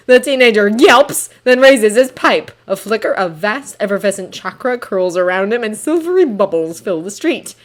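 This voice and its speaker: Lady reading fanfic aloud, expressive storytelling, mid pitch. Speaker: fanfiction reader. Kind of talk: audiobook narration.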